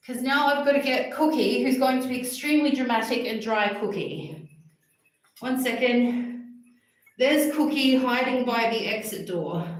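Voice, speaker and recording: A woman with a voice on the high side livestreams herself washing her cats in a small, very echoey bathroom, far from the mic. Breathless and exasperated, she fusses and coaxes the pets as she chats.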